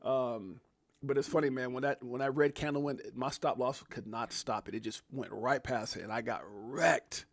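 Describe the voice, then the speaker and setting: A man hosting a casual crypto livestream, animated, reacting with loud exclamations and laughter. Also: mid-range voice, normal speed, dry recording.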